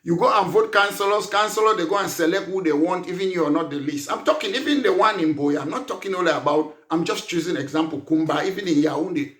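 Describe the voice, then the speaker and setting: A man's voice: high voice, quick pace, few pauses, fairly bright tone, reverberant. A man leading a political party, delivering an emphatic political monologue full of rhetorical questions. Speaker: party leader.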